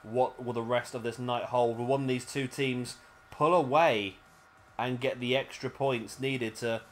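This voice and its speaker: A man's voice: mid-range voice, steady tone, unhurried, slight background noise. A British man giving chatty, rambling play-by-play commentary over a wrestling video game, often correcting himself mid-sentence. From Britain. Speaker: gaming commentator.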